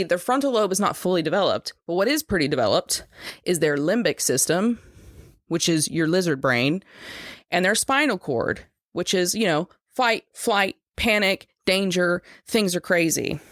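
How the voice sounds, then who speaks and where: A woman's voice: lowish voice, a bit bright, dry recording, clean studio sound. A woman hosting a solo podcast, explaining earnestly and talking straight to her listeners. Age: adult over 25. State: choked up at moments. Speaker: podcast host.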